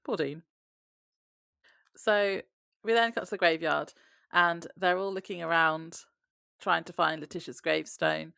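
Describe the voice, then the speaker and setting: Gravelly, low-pitched woman podcaster. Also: unhurried, sharp tone, dry recording, studio quality. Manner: laughs often, retells scenes with quoted lines. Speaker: podcast co-host. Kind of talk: casual recap chat.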